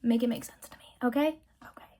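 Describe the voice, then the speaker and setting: Young woman doing a makeup tutorial, kinda high voice, chatty, gushy, swears when she rants. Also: steady tone, fast talker, dark tone. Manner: chatty, candid, swears freely when ranting; gushing about products. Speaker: beauty vlogger. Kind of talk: casual makeup tutorial chat.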